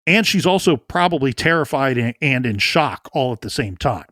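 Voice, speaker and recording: A man's voice: mid-range voice, expressive, normal speed, a bit bright, dry recording, studio quality. A man co-hosting a true crime podcast, talking through a case in an earnest way and often repeating words as he thinks aloud. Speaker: podcast co-host.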